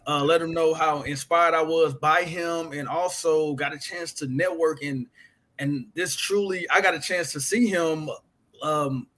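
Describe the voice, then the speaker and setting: A man with a fairly high voice talks earnestly. He halts often and restarts his sentences, in an easy conversational tone. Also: steady tone, a bit bright. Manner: earnest, halting, many restarts. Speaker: guest. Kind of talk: casual conversation.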